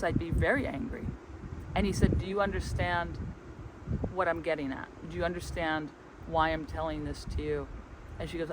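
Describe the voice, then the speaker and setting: A man casually telling a story outdoors as co-host of a travel vlog, rambling along and acting out the dialogue. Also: on the high side. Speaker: co-host of a spiritual travel channel. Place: outdoors in a forest, windy. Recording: light wind and outdoor background noise.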